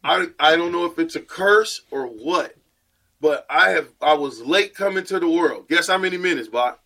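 A man co-hosting a sports radio show, joking loudly and acting out stories in casual banter. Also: on the high side, moderate pace. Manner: playful storyteller, loud and animated. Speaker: radio co-host.

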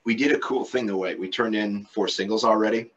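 A man's voice: on the low side, fairly even intonation, a little fast, slightly rough, lo-fi sound. A man, a metal band's vocalist, chatting casually on a podcast, laid-back and freely swearing. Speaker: band vocalist, podcast guest.

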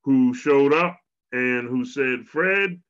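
A man co-hosting a podcast conversation, retelling a cartoon episode in a lively storytelling way and closing with an earnest message to listeners. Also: mid-range voice, measured pace. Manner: animated storyteller, preachy wrap-up. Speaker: podcast co-host. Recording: dull lo-fi sound.

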